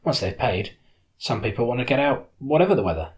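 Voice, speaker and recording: A man's voice: medium pitch, lively intonation, fairly quick, voice pushed up, lightly acted. A man doing a cheeky, wheedling boat skipper. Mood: innocent. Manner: innocent-sounding, wheedling.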